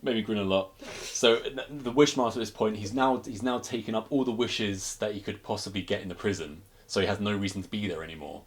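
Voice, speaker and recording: A man's voice: fairly low pitch, steady tone, fast, few pauses. A man co-hosting a casual film review chat, recapping plots and acting out the characters. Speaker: podcast co-host.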